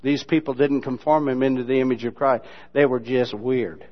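A man preaching a sermon in a folksy, mocking, humorous way, mixing Bible lessons with sudden loud imitations. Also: medium pitch, steady tone, normal speed. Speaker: pastor. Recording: dull lo-fi sermon recording.

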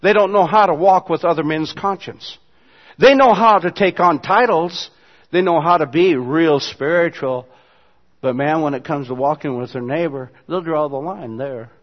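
A man with a high voice preaches a sermon to his church, moving between low, quiet asides and loud, emphatic passages. The sound is dull and muffled. It rings with the long reverb of a large hall. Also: normal speed. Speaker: pastor.

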